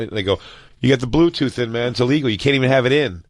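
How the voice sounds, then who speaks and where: A man's voice: mid-range voice, no echo, clean studio sound. A man telling a story in a casual, profane podcast chat and acting out the people in it. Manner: fast-talking, profane storyteller acting out others. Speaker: podcast co-host.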